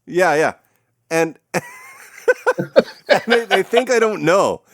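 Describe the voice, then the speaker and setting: A man's voice: sits high, drawn-out words, no echo. A man telling stories in a casual podcast chat, acting out the dialogue and laughing often. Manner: animated storytelling, acts out dialogue, laughs often. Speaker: podcast guest.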